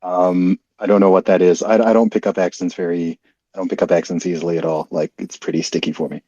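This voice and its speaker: A man with an American accent, talking as an interview guest in a relaxed, laughing way. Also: deep voice, fast, no room sound. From Saudi Arabia. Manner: relaxed, laughs easily, fillers. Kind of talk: casual conversation. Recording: muffled lo-fi audio.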